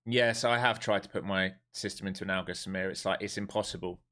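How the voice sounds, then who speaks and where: A man's voice: sits low, fairly even intonation, fast, bright, forceful tone. Blunt, swearing male trading streamer. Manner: blunt, swears freely, asks and answers his own questions; wound up and emphatic. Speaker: live-streaming day trader. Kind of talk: live trading stream commentary.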